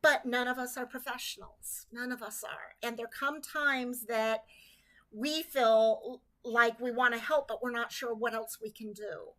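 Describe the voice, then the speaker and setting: A woman's voice: a little high, fairly even intonation, measured pace, a bit bright. A woman hosting a casual livestream, talking to her community in a chatty way and stopping to greet viewers by name. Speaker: livestream host.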